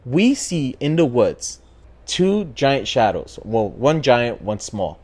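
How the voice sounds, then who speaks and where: A man at middle pitch tells a spooky tale in a casual talk show. His voice rises and falls a lot as he acts things out. He talks loosely, with plenty of swearing. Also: takes it slowly. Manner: animated, profane, acts out voices in his story. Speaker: podcast host. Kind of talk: casual storytelling.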